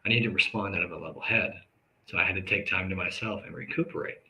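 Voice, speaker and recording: A man hosting a live talk show, speaking earnestly and conversationally about grief and forgiveness, with sudden loud outbursts and quick asides. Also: low-pitched, low-quality recording.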